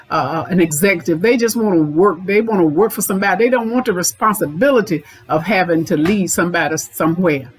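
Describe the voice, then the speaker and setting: A woman's voice: medium pitch, poor audio. A middle-aged woman, a therapist hosting a podcast, talking in a folksy way and repeating lines for emphasis. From Memphis, Tennessee. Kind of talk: podcast monologue.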